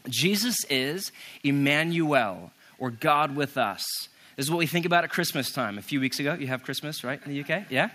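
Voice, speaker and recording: A man preaching a sermon as pastor, reading scripture and explaining it in a conversational way, with quick asides to the listeners. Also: a little high, animated, sharp tone. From United States. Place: conference hall with an audience.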